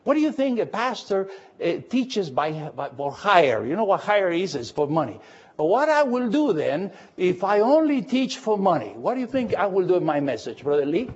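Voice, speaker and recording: A man preaching a Bible study, lively and emphatic, full of fillers and questions to his listeners. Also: high-pitched, moderate pace, breathy edge, dull audio. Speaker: pastor. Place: church, recorded for radio.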